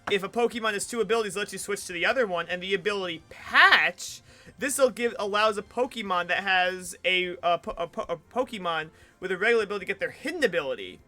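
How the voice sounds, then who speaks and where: Bright, chatty man streaming a game. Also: sits high, expressive, fast. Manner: rambling, chatty, many fillers. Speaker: streamer playing a video game. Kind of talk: casual let's play commentary.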